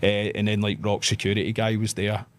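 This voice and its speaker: A man with a Scottish accent, a podcast guest telling stories in a lively way and acting out the voices of the people in them. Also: lowish voice, a little fast. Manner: animated anecdotes, acts out quoted voices. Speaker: podcast guest, pro wrestler. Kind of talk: casual storytelling interview.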